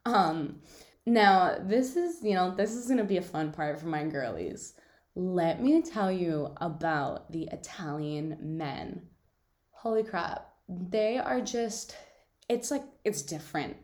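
A woman's voice: fairly low pitch, warm tone, echoey room. A young woman hosting her own podcast, chatting casually and telling stories with lots of fillers and giggles. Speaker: podcast host. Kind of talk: casual solo podcast chat.

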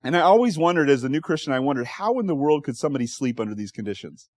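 Lively storytelling male pastor. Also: medium pitch, rapid-fire, no echo, studio quality. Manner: animated storytelling, laughs often, acts out quotes. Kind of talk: sermon.

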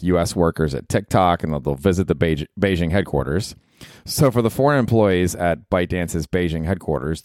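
A man's voice: low voice, a little mellow, no echo, studio quality. A man hosting a solo podcast, rambling casually with profanity and self-deprecating asides. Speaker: podcast host.

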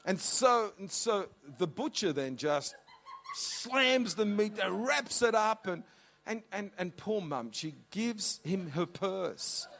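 A middle-aged man preaching as pastor, telling a family story with animated swings of pitch. His voice sits somewhat high for a man, and he keeps restarting with "and so". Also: slow, gravelly. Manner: animated, repeats "and so". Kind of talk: storytelling sermon.

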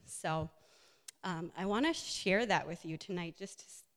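A woman's voice: on the low side, measured pace, fairly bright tone. Woman coach giving a heartfelt talk, um's and little laughs, long echo in a big hall. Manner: earnest, personal, with fillers and laughs. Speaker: speaker, health and wellness coach. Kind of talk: motivational talk with slides. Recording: echoey hall.

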